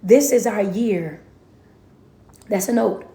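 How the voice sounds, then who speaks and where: A woman's voice: a little high, expressive, takes it slowly, pauses often, dark tone, echoey room. A woman motivational speaker and life coach, giving a preachy, folksy talk that repeats and chants phrases and calls listeners "baby" and "y'all". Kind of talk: motivational live-stream talk.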